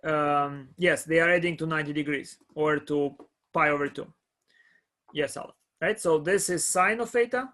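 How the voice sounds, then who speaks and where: A man giving a live calculus lecture to a class, pausing often, repeating words and checking that students follow. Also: a little high, sharp tone. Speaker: math lecturer.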